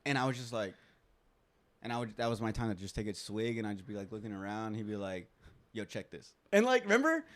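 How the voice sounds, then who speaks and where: एक युवा पुरुष होस्ट, अनौपचारिक बातचीत में किस्से सुनाता और बातें दोहराकर अभिनय करता हुआ।. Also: male voice, on the low side, quick pace. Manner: animated storytelling, acts out quotes. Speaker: podcast host. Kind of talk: casual chat.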